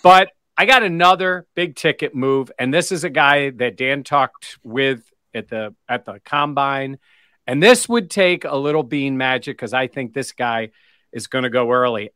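A male sports show host with a bright, forceful voice, recorded dry and close. He leads the panel and hands questions to his co-hosts in a relaxed, chatty way. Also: medium pitch, normal speed, clean tone, dry recording. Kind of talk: casual sports talk.

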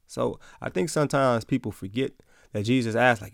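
A man's voice: mid-range voice, moderate pace, gravelly, dry recording, studio quality. A man hosting a Christian podcast, giving an earnest, casual devotional talk and reading Bible verses aloud.

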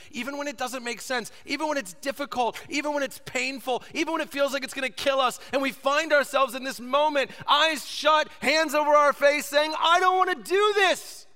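High, bright-voiced preacher in a hall. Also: male voice. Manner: dynamic preaching, swings from loud to whispered. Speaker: pastor. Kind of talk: sermon.

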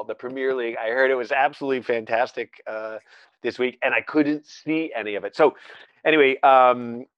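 A man's voice: medium pitch, no room sound, dull audio. A man hosting a podcast in a loose, conversational way. His voice sits in a middle register and sounds close and dry, with no room around it. He tells long stories full of restarts and fillers. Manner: rambling, self-interrupting storyteller with many fillers. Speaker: podcast host. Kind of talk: casual chat. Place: Scotland.

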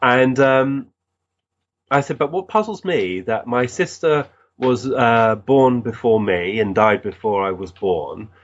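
A man's voice: mid-range voice, slow pace, muffled recording. Earnest man telling stories. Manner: earnest, animated, recounting with many restarts. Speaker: guest, physical medium. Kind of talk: storytelling in conversation.

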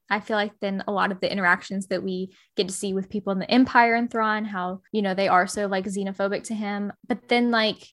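A woman's voice: mid-range voice, a bit bright. A woman from the American South with a Southern accent, chatting casually as a podcast co-host and laughing now and then. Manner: chatty, many fillers, laughs while talking. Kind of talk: casual chat.

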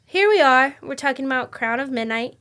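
A fairly high-voiced woman co-hosting a podcast in casual book chat. She rambles cheerfully and laughs often. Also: lively intonation, a little fast, fairly bright tone. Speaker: podcast co-host.

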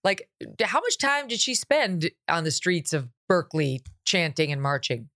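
A woman hosting a podcast, her voice sitting on the low side and recorded dry and close. She talks bluntly and emphatically, pressing her points with open disbelief. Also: sing-song, moderate pace, fairly bright tone, no echo. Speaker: podcast host. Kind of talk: interview podcast.

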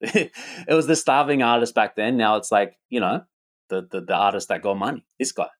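A man talking about his upcoming event in an energetic, casual monologue, often repeating himself, swearing and tagging "right?" on his lines. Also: on the low side, moderate pace. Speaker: event host and rapper.

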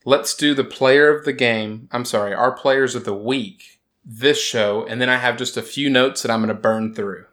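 Male podcast host, mid-pitch, rambling and animated, casual sports chat. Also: normal speed. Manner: rambling, animated, self-interrupting.

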